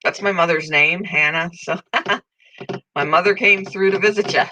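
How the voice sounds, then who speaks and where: A congested middle-aged woman chats casually with her viewers on a live stream. Her voice is bright and forward even through the stuffiness, and she talks in an easygoing, friendly ramble. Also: on the low side, measured pace, slight background noise, low-quality recording. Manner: chatty, talks to viewers by name, coos softly over pets. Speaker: channel host.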